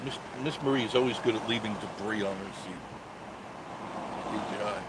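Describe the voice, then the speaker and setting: A man's voice: on the low side, a little fast, background noise. Joking man in his sixties hosting live. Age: 60s. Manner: joking, sarcastic, chatty. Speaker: live stream host. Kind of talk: casual live chat reading viewer comments.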